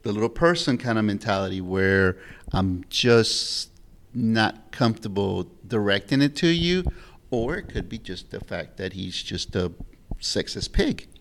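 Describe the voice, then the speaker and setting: Low-voiced man, a halting podcast host. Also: animated. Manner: halting, thoughtful, many restarts. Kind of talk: casual podcast chat.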